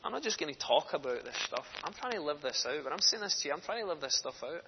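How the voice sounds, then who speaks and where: A speaker for a children's charity preaches a sermon in church, telling stories earnestly and building to passionate emphasis. His voice is a little high, with big pitch swings, and he talks fast. The recording has an echoey hall, dull lo-fi sound and faint noise.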